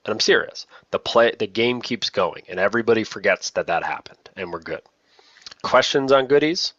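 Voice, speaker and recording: A man's voice: on the low side, expressive, normal speed, fairly bright tone, no room sound, lo-fi sound. A man training new lacrosse officials in a casual, self-deprecating way, often repeating key points. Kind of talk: casual online training talk.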